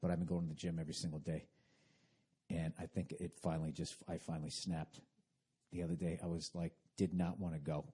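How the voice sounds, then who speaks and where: A man's voice: sits low, husky. Profane ranting middle-aged man. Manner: profane, ranting, swings between loud and quiet. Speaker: podcast host. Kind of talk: comedic podcast monologue.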